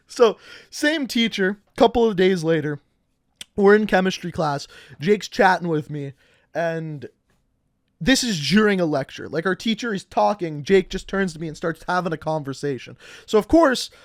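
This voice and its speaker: A young man from Canada casually telling funny school stories, animated and acting out the people he quotes. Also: high-pitched, normal speed, dry recording, studio quality. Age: young adult. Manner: animated, acts out quotes with laughs. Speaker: storyteller. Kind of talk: casual storytelling.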